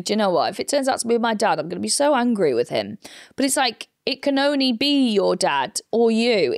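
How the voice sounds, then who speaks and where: A woman comedian co-hosting a podcast, telling a crime story in a casual, animated way and swearing freely. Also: medium pitch, no echo, studio quality. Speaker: comedian co-host retelling a true crime case.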